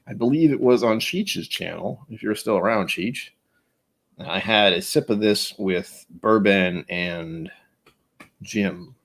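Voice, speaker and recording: A man's voice: fairly low pitch, expressive, a little slow. Guy rambling on his live stream, pokes fun at himself, voice jumps all over. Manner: rambling and self-mocking, swears casually. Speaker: livestream host. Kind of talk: casual live-stream chat.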